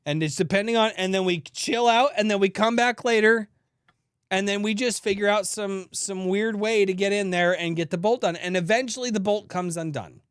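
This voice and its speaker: A man's voice: high voice, moderate pace, smooth, no echo, clean studio sound. A man in his thirties co-hosting a comedy podcast, telling rambling stories, swearing and acting out his own grumbling. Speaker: podcast co-host. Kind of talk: casual comedic storytelling.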